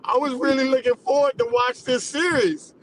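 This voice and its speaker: A man's voice: extremely high pitch, steady tone, normal speed, a little hiss or hum, poor audio. A man co-hosting a podcast in casual chat, hesitant and hedging.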